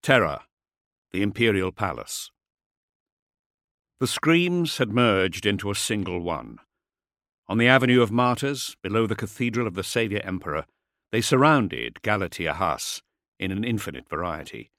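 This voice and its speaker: A man's voice: normal speed, long pauses, dry recording. A man reading a novel aloud as a dramatic audiobook narrator on a close studio mic. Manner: dramatic, with lively pitch swings.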